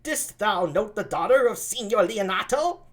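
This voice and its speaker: A man's voice: lively intonation, normal speed. A man reading aloud and giving a lovesick young nobleman a boyish voice. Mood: earnest. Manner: high boyish voice.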